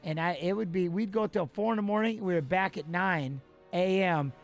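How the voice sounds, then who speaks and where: A man in his forties telling a long story in a casual, animated, profane way, acting out what others said. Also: high voice, normal speed, faint music behind. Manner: animated, profane, acts out quoted voices. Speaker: retired fighter telling a story.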